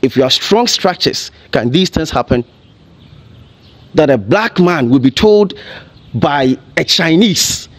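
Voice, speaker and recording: A Ghanaian man speaking as a TV commentator, his fairly high voice swinging up and down as he presses one rhetorical question after another. He delivers impassioned commentary, openly emotional. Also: animated, slow, pauses often.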